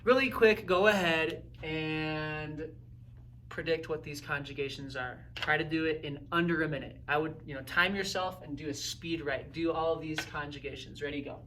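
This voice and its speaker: A man's voice: on the high side, fairly even intonation, moderate pace, fairly bright tone, far from the mic, a little hiss or hum. A man teaching a recorded grammar lesson in an upbeat, coaching way, often checking in with "right?" and "okay?". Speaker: Spanish teacher.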